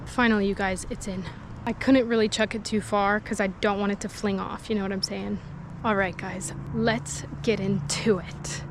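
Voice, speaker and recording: A young woman in casual vlog talk, fishing by the water and joking with her viewers in a chatty way. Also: fairly high pitch. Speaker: fishing vlogger. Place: outdoors by the water. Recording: faint outdoor background noise.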